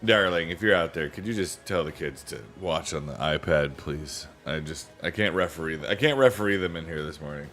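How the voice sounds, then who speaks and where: A man's voice: extremely low pitch, brisk, few pauses, a bit bright, faint music behind. A tired man hosting a livestream from home, chatting casually with viewers in a rambling way and repeating himself. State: tired from a sleepless night. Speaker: livestream host reading books aloud. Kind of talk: casual chat with live viewers. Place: home with family nearby.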